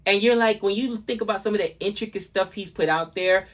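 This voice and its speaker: A man co-hosting a music reaction show, talking casually in an animated, rambling way. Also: sits high. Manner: animated, talkative, quick asides. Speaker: reaction channel co-host. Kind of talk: casual chat.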